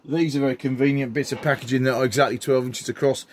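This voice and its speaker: A man's voice: mid-range voice, fairly even intonation, quick pace, darkish tone, a little hiss or hum. A middle-aged man, chatting enthusiastically while showing off his hobby builds, with frequent ums. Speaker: scenery builder. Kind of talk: casual hobby show-and-tell.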